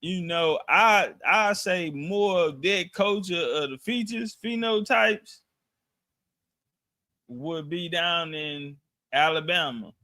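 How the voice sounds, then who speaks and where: A man spins a casual, slang-heavy story with plenty of profanity and restarts. His voice sits high and bright, and he talks at an easy, slow pace. The sound is dry and close, with no room in it. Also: no room sound.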